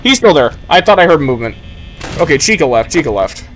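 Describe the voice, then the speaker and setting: High-voiced nervous young man streaming. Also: sing-song, quick pace, slight background noise, low-quality recording. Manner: nervous rambling, swinging to loud yelling. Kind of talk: live gameplay commentary.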